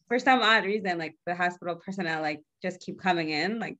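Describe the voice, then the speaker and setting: A woman's voice: on the low side, fairly quick, few pauses, bright, forceful tone. Sympathetic woman hosting a chat. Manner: sympathetic, asks questions. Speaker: podcast host. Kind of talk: casual chat.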